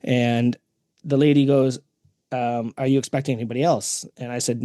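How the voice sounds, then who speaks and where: A man's voice: mid-range voice, flat delivery, moderate pace, dark tone, dry recording, clean studio sound. A man co-hosting a podcast, telling a story in a heated, exasperated way. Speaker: podcast co-host. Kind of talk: casual chat.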